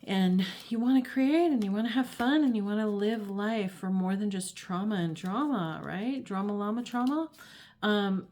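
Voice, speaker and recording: A woman's voice: mid-range voice, normal speed, a little mellow. A woman hosting an astrology and tarot channel, explaining in a casual, chatty way, full of fillers and acted-out quotes. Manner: chatty, many fillers, acts out quoted voices. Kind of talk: casual explanatory talk to camera.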